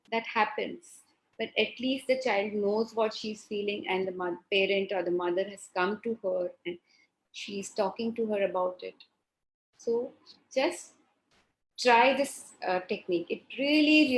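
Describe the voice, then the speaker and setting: A woman's voice: medium pitch, roomy sound, low-quality recording. A middle-aged woman presenting a parenting workshop, asking her audience questions and acting out what parents and children say. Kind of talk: live workshop lesson.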